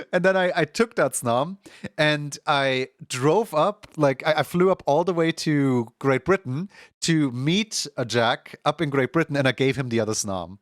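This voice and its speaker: A man's voice: on the high side, a little slow, dry recording. Young male streamer, rambling casual chat, dry close sound. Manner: rambling, heavy filler words, laughs often. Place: home room.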